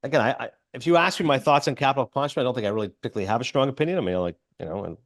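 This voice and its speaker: Male podcast host, brisk, chatty film recapper, filler-heavy. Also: mid-range voice, animated. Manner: rambling, filler-heavy retelling with quick quoted asides.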